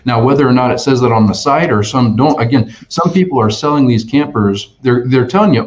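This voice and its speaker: A man talking as a sales expert on a webinar, energetic and full of restarts and "right?" tags. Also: medium pitch, a little fast, hardly any pauses, a little hiss or hum. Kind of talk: conversational webinar talk. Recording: dull lo-fi online webinar audio.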